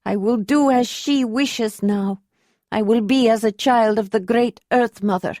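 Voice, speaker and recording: A woman reading the lines of a proud young woman who is hurt and hiding her pain, her delivery slow and controlled. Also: a little high, warm tone, no echo, studio quality, voice pushed up, natural voice. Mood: hurt, bitter. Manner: pained, bitter, controlled. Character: Ayla, young woman, wounded, proud, dignified. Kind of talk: audiobook character reading.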